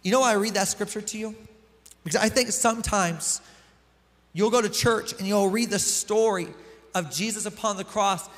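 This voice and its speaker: A man's voice: high-pitched, normal speed, fairly bright tone. A young adult man preaching a conversational sermon to a congregation, reading long passages of scripture aloud. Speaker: pastor. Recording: long reverb of a large room.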